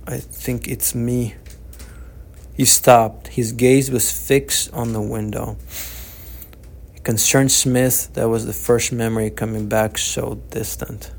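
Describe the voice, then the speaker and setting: A man narrating his own book at a slow, deliberate pace. His voice carries a gravelly creak, and the reading is steady and measured. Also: medium pitch. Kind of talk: audiobook narration.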